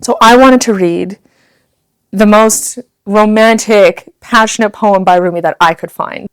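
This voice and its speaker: A woman's voice: mid-range voice, unhurried, clean tone. A woman co-hosting a podcast, chatting casually and reading a poem aloud. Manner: giggly, keeps breaking into laughter while reading. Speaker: podcast co-host.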